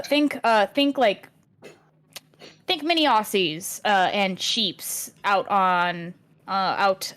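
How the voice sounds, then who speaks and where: A woman's voice: fairly low pitch, fairly bright tone. Rambling woman player, heavy on fillers. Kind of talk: casual chat in a tabletop game.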